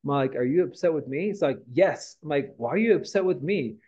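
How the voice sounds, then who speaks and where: A man's voice: fairly high pitch, expressive, a little fast, mellow, highs cut off. A man leading a team morning meeting, talking in a casual, rambling way with mild swearing and frequent checks like "right?" and "okay?". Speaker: real estate team leader. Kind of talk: motivational morning meeting talk.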